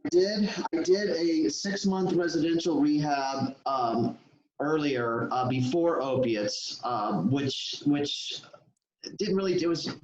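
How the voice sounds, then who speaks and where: A man speaking as a guest on a podcast, in a halting way that often breaks off. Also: fairly high pitch. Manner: halting, self-interrupting. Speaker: guest in recovery. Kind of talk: podcast interview. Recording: echoey room, dull lo-fi sound.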